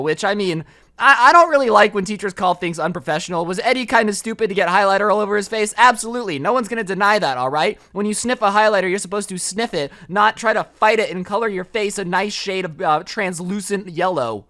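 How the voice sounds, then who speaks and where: A man's voice: sits high, fast talker, sharp tone, no room sound, studio quality. Joking young man telling a story. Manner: joking, slangy asides to viewers. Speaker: storytime YouTuber. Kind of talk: comedic storytime narration.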